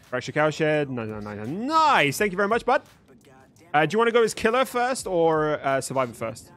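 A man's voice: fairly high pitch, big pitch swings, brisk, fairly bright tone, soft background music. A young man chatting live with his viewers while gaming, joking and swearing freely. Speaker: livestreamer. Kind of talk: live gaming stream chat.

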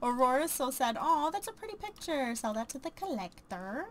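Excitable young woman gaming commentator. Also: high-pitched, normal speed. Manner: excitable, gasping, dramatic exclamations. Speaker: gaming YouTuber. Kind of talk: let's play commentary.

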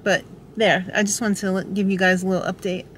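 A young adult woman giving a casual, chatty vlog update, upbeat and quick to laugh. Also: medium pitch, level tone, a little hiss or hum. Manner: chatty, upbeat, laughs often, many fillers and restarts. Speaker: vlogger host.

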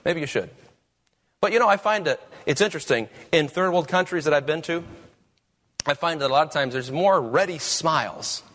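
A man's voice: a little high, fairly quick, fairly bright tone. A man preaching a sermon as pastor, with emphatic, rising questions.

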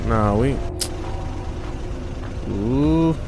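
A man giving loud, profane horror game commentary as a gaming streamer, trash-talking at the screen. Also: medium pitch, animated, drawn-out words, background noise.

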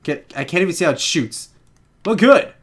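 A young man giving casual let's play commentary, excitable and giggly, with panicky outbursts and a lot of swearing. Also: on the high side, moderate pace, slightly rough. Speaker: gaming channel host.

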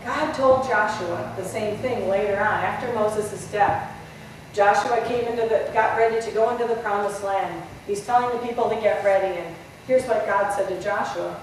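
A woman's voice: medium pitch, moderate pace, slight background noise. Woman pastor preaching in echoey church. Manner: storytelling, animated retelling with rhetorical questions. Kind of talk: sermon. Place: large church sanctuary. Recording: roomy echo, voice from far off.

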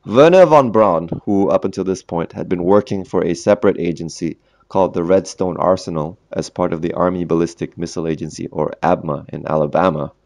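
Low-voiced guy doing a chatty history podcast, cracks jokes and laughs at his own puns. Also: flat delivery, brisk, gravelly, hardly any pauses, darkish tone. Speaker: podcast host. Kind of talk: casual history podcast monologue.

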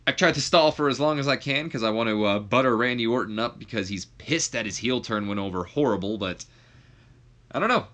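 A young man casually commenting on his wrestling simulation game and joking with his viewers, sometimes leaping high in exasperation. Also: brisk, hardly any pauses, a bit bright. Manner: laid-back, jokey, swings up high when exasperated. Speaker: YouTuber playing a wrestling sim.

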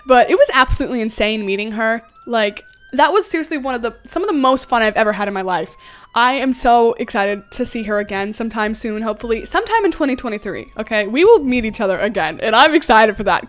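A young woman streaming a game live, chatting casually in a giggly, bubbly way and answering her chat. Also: on the high side. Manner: usually talks fast. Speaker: game livestreamer. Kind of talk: casual livestream chat while gaming.

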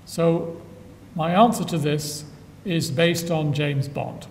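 An older man delivers a public science lecture in a somewhat high, gravelly voice, full of "uh"s and dry asides. He sounds far from the microphone, and his voice rings in a large hall over a faint low rumble. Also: slow pace, a little mellow. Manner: dry humor, many filler "uh"s. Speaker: physicist giving a public lecture.

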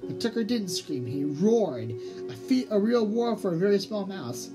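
A woman's voice: mid-range voice, expressive, normal speed, low-quality recording. A woman narrating a children's audiobook expressively, drawing out key words for emphasis. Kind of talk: storybook read-aloud narration. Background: music.

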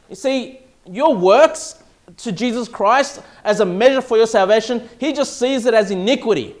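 Male pastor with a high voice, delivering an emphatic sermon. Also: normal speed. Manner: emphatic, checks in with "okay?" and "all right?".

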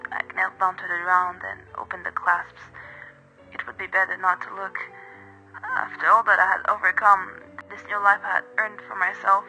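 A man narrating a first-person horror story in a measured, brooding way. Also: high-pitched, completely flat delivery, bright, forceful tone, soft background music, low-quality recording.

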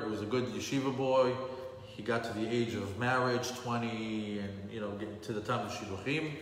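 A man's voice: medium pitch, fairly bright tone. Man teaching a Torah class in an echoey hall. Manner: repeats phrases for emphasis, mixes in Hebrew terms. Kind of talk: storytelling Torah lesson. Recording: echoey hall with faint background noise.

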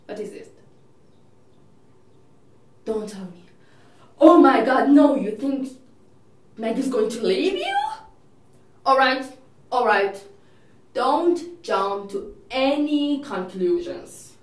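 In an audition monologue, a woman plays a chatty, neurotic divorced older sister who rambles fretfully and self-absorbedly. Her fairly high voice has lively intonation, a slow pace and long pauses. The room is echoey, with the mic at a distance.

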